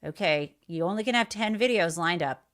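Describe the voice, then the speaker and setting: Woman host, lowish voice, blunt and fiery, casual live podcast talk. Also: animated, a little fast, fairly bright tone. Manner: outraged, blunt, swears freely. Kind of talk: casual political livestream commentary.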